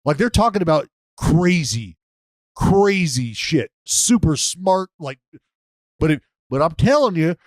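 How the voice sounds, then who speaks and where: A man's voice: on the high side, big pitch swings, unhurried, no echo. A man co-hosting a casual podcast chat, laughing often and swearing casually. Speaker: podcast co-host.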